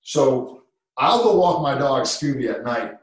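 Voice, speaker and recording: A man who was a dean of students, telling stories in a casual chat, animated and swinging from hushed tones to loud bursts. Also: mid-range voice, measured pace. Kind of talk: casual storytelling in conversation. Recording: echoey room, distant mic.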